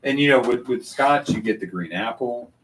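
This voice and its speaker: A man's voice: medium pitch, normal speed, a little hiss or hum. A man hosting a casual whiskey tasting chat at a bar, enthusiastic and full of stammering restarts, heard from a distant mic. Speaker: host.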